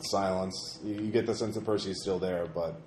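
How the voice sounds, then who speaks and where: Brief: game master, hesitant, filler-heavy narration; echoey room, light noise. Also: male voice, sits low, steady tone, fairly quick, darkish tone.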